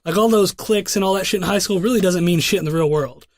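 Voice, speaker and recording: High-voiced young man telling rambling stories. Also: fast, no room sound, studio quality. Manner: profane, rambling, laid-back storytelling with many restarts. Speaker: podcast host. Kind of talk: casual podcast chat and storytelling.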